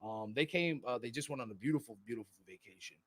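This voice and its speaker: A man's voice: mid-range voice, fast talker. American man rambling on a podcast. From United States. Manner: rambling, reads out comments, laughs often. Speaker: podcast co-host. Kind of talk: casual chat.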